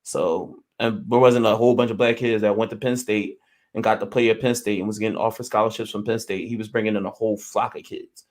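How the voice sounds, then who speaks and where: A man hosting a podcast, arguing his side with hesitant restarts and loud bursts when he cuts in. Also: on the low side, fairly even intonation, fast talker. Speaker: podcast host. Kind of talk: heated casual debate.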